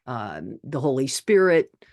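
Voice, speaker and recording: A podcast host in a casual interview chat, speaking slowly and earnestly about faith and hope. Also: medium pitch, very animated, no room sound, clean studio sound. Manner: slow, earnest, spiritual musing.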